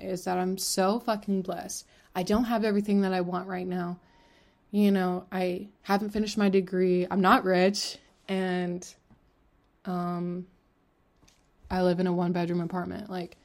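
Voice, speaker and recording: A woman in her twenties hosts a solo podcast, speaking frankly and rambling, with plenty of fillers and swearing. Her voice is medium in pitch and a little mellow, in candid solo podcast talk.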